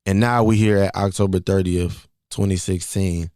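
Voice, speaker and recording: A man in his twenties with a fairly low, darkish voice tells a personal story on his podcast, speaking casually and circling back to repeat key phrases. His intonation stays fairly even at a moderate pace. The audio is dry and close, with no room sound.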